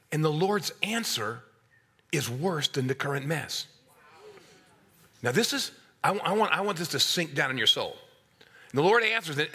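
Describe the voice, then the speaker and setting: A middle-aged man preaching a sermon, swinging from hushed asides to loud, acted-out voices. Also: a little high.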